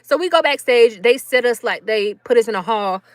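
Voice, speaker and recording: A young woman, chatting casually to her viewers and telling an animated story with quick laughs. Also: fairly high pitch, dry recording. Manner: animated, laughs often, acts out quotes. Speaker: vlogger.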